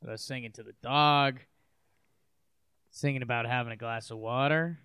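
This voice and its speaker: Smooth-voiced man chatting casually. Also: medium pitch, steady tone, moderate pace, bright, forceful tone, dry recording. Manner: rambling, hesitant, bursts into goofy singing. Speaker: podcast co-host. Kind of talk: casual chat.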